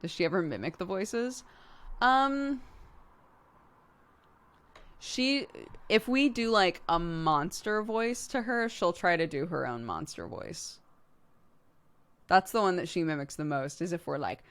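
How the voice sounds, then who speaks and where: A woman's voice: on the low side, expressive, a little slow, long pauses, a bit bright. A woman streamer chatting casually with viewers, laughing easily and swearing now and then. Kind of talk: casual chat answering viewer questions.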